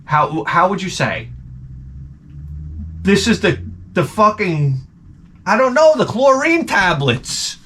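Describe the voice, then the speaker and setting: A man's voice: sits high, sing-song, slow pace, long pauses, bright, forceful tone, a little hiss or hum. A man vlogging with the flu, telling a comedic story in an exasperated, rambling, profane way. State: sick with the flu.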